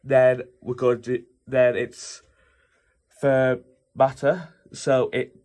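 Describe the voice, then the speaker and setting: A man's voice: mid-range voice, level tone, extremely slow, a little mellow. A young man talking through music notation in a loose, rambling way, with many fillers and self-corrections. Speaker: music theory teacher. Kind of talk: casual informal lesson explaining notation.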